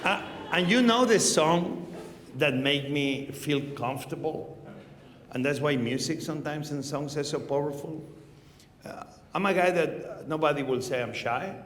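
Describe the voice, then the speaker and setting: A man's voice: a little high, a little slow. Spanish-accented man, echoey hall. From Spain. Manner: animated, laughing, swearing freely. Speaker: podcast host. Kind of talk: live onstage conversation. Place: large venue with live audience.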